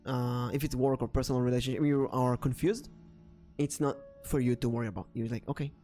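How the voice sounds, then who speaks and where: A man hosting a stream, telling a rambling story and then reading tarot cards in a casual, slightly halting manner, with frequent fillers. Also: mid-range voice. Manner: rambling, animated when acting out dialogue. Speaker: tarot reader and streamer host. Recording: soft background music under the voice.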